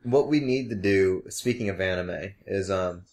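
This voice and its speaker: A man's voice: deep voice, measured pace, a little mellow. A man hosting a casual podcast, reading out listener questions and laughing often. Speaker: podcast host.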